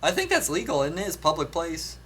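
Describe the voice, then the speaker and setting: A man's voice: on the high side, wildly swooping pitch, fast, a bit bright, slightly rough. A man co-hosting a podcast in casual chat, making crude jokes and laughing at his own bits. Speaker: podcast co-host.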